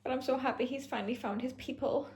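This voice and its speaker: A woman's voice: sits high, steady tone, fast talker, a little mellow, a little hiss or hum. A young woman chatting to camera about books she is reading. She gushes with feeling and says "like" a lot. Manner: gushing and emotional, often saying "like". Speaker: book vlogger. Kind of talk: casual reading vlog. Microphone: camera mic. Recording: roomy echo.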